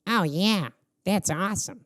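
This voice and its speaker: A man's voice: high-pitched, unhurried, fairly bright tone, dry recording, clean studio sound. A man putting on a flirty woman.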